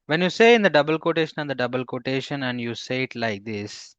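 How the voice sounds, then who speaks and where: A man teaching a live coding class, halting with fillers and restarts, often putting questions to his students. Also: mid-range voice, a bit bright, no echo, muffled recording. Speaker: instructor.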